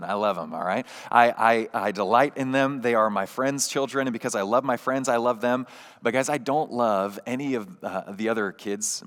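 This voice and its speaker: A man in his thirties preaching a sermon as pastor, talking in an earnest, conversational way with many restarts and little asides to the congregation. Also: on the low side. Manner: laughs warmly while telling stories.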